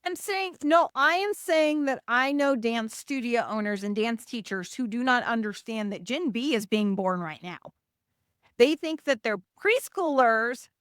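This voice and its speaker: A woman's voice: fairly high pitch, animated, measured pace, fairly bright tone, no room sound, clean studio sound. A middle-aged woman co-hosting a podcast, explaining earnestly in casual chat with fillers. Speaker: podcast co-host, dance studio owner.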